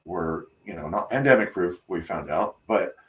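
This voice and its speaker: A man tells a personal story on a casual podcast. He talks loosely and takes his time, with pauses and fillers along the way. He is a hairdresser chatting with a colleague. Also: sits low, lively intonation, distant mic.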